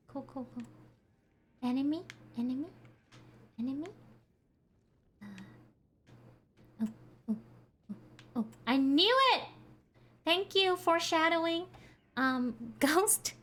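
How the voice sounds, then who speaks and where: A young woman streaming a game live, reacting excitably with frequent laughs and swearing. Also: high-pitched, slow pace, long pauses, slight background noise. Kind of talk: live gameplay commentary.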